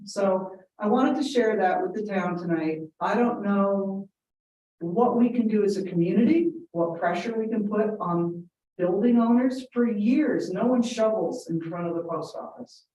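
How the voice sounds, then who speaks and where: A woman's voice: medium pitch, measured pace, mellow, muffled recording. Woman at a council podium, earnest and rambling with ums, heard far off in a very echoey chamber. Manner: earnest, rambling, with frequent ums and quoted anecdotes. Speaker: public commenter at town meeting. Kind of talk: public comment speech. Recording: echoey meeting room from far off.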